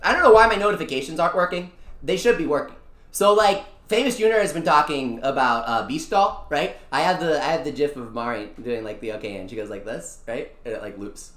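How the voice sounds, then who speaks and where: Excitable young-adult streamer, bright and bouncy pitch, roomy echoey sound; slangy live-stream chat. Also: brisk. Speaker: VTuber streamer. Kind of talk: casual live-stream chat over a mobile gacha game. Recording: echoey room.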